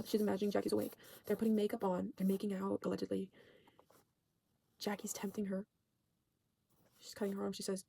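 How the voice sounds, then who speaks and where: A woman's voice: medium pitch, flat delivery, fast, gravelly, long pauses, dark tone, slight background noise. A woman casually recapping a TV show for her channel, rambling, swearing and saying "like" constantly while she corrects herself.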